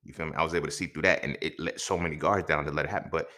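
A man's voice: rumbling low, fairly even intonation, rapid-fire, sharp tone. A young man hosting a podcast, telling a personal story in a loose, profane, conversational way, often checking in with the listener. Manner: loose, profane, conversational with frequent "you feel me". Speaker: podcast host. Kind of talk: casual storytelling monologue.

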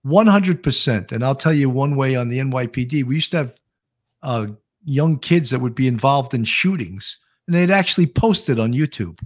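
A man, a retired police officer, co-hosting a live online show and giving measured, steady commentary. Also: mid-range voice. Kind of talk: casual livestream commentary.

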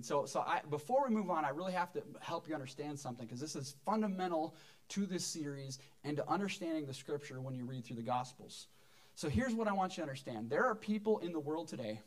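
A man's voice: a little high, expressive, fairly quick. A man preaching a sermon in a church, talking to the congregation in a conversational, joking way. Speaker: pastor.

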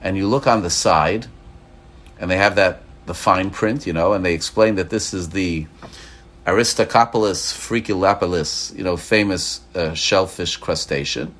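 Lowish-voiced man telling a teaching story. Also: moderate pace. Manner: animated storyteller acting out quoted dialogue. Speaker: religious teacher. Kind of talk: Torah class lecture.

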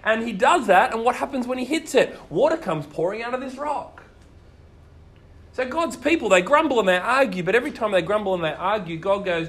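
A man preaching a sermon, telling the stories in a lively way and asking his listeners questions. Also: high voice, normal speed. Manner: animated storytelling, asks the listeners questions.

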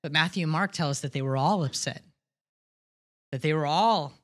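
A woman's voice: deep voice, moderate pace, pauses often. A woman pastor preaching a sermon in an earnest way, often restarting and repeating words and asking the congregation questions.

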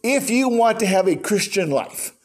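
A man's voice: high voice, lively intonation, moderate pace. An older man preaching a sermon in a conversational storytelling way, acting out quotes. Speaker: pastor.

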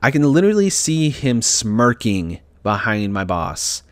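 A man's voice: mid-range voice, big pitch swings, a little slow, dry recording. A young man candidly telling a personal story in casual vlog style, emotional and swearing freely.

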